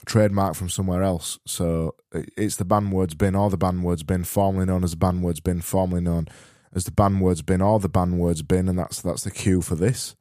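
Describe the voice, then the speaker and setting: A man from Barnsley with a broad South Yorkshire accent hosts his own podcast alone. He speaks in a very low, warm, mellow voice, rambling and correcting himself in a deadpan way. The sound is close and dry. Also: brisk, no room sound. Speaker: podcast host.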